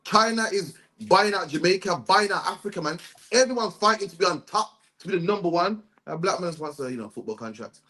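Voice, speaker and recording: A man's voice: high voice, lively intonation, a little fast, few pauses, pushed and bright. A man leading a bible study, talking emphatically and tagging his sentences with "man". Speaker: religious teacher.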